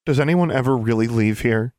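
A man's voice: mid-range voice, brisk, darkish tone, dry recording, clean studio sound, voice pushed up, natural voice. A man voicing a young girl, a defiant witch prisoner who speaks tersely and warily. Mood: guarded. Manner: terse, guarded.

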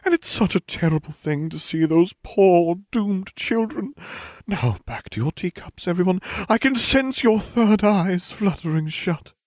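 A man's voice: sits high, animated, measured pace, darkish tone, no echo, pitched above the performer's own voice. A man voicing a dithering, melodramatic woman seer teacher. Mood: mournful.

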